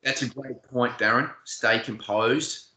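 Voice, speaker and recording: A man's voice: medium pitch, fairly even intonation, measured pace, bright, forceful tone, reverberant. A man hosting an interview, rambling and stacking several questions at once. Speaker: interviewer host.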